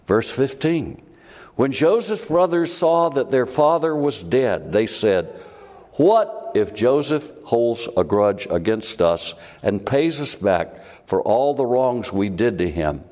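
A man preaching a sermon, retelling scripture with lively swings in pitch and volume and many rhetorical questions. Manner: animated, rhetorical questions, shifting loudness. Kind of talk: expository sermon. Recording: long hall reverb.

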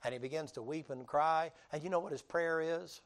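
A man preaching a sermon, telling the story in a lively, colloquial way and acting out the people he quotes. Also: a little high, quick pace. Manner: animated storytelling with colloquial drawl, dramatic quoted voices, laughs.

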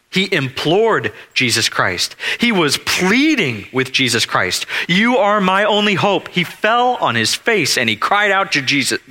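A pastor delivers his sermon with animated rises and falls in his voice. His tone is sharp and forceful, and he repeats phrases and slows down on key words to press home each point. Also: fairly low pitch. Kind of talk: expository sermon.

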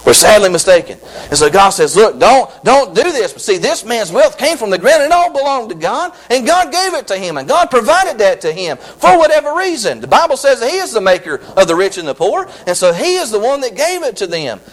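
A man preaching a sermon as pastor, excitable and repetitive, with frequent restarts. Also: sits high, fairly quick, poor audio.

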